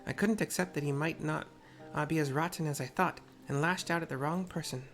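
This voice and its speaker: A gamer voicing an earnest young woman warrior who blames herself, in a put-on mixed accent, reading her lines measured and serious. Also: low voice, soft background music, voice pushed up.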